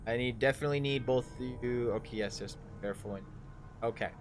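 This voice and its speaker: Male game master, casual stop-start narration, average pitch, faint background music. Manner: halting, loose narration full of fillers. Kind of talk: narrating a tabletop game on a livestream.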